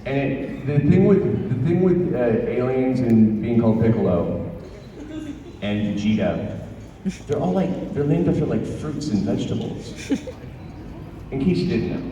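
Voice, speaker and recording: A man's voice: on the low side, mellow, highs cut off, a little hiss or hum. A man on a convention panel, telling profane, laughing anecdotes during an audience Q&A. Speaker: voice actor panelist. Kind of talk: convention Q&A storytelling. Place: large convention hall with an audience. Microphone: distant microphone. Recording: echoey hall, distant mic, crowd.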